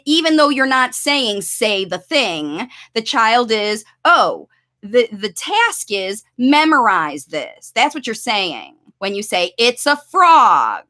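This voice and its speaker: A woman coaching parents in an instructional video, talking them through a play demonstration and acting out excited voices for a child. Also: high-pitched.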